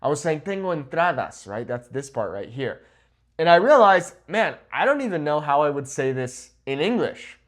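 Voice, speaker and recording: A man who teaches Spanish, talking to camera in a lively, informal way, often checking in with "okay?" and "right?". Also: fairly high pitch, normal speed.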